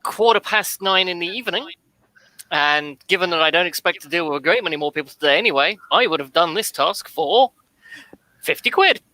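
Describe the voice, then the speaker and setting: A man's voice: high-pitched, lively intonation, brisk, sharp tone, dry recording, rough recording. A man chatting while playing a party game on a video call, joking in a dry, wordy way. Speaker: player. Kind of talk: casual game chat.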